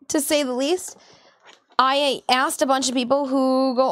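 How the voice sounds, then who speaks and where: A woman's voice: sits high, normal speed. A woman from Michigan, a cosplayer hosting her livestream, tells casual rambling stories, corrects herself often and acts out the dialogue she quotes. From Michigan, USA.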